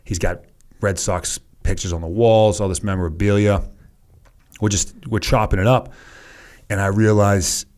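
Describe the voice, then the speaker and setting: A man in his thirties with a Boston accent, a former soldier telling relaxed, self-deprecating stories as a podcast guest. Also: fairly low pitch, normal speed, clean tone. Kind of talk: casual storytelling interview.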